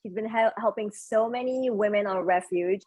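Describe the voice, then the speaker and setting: A woman's voice: medium pitch, moderate pace, darkish tone, rough recording. A woman on a video call enthusiastically praising a friend's good work. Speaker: call participant.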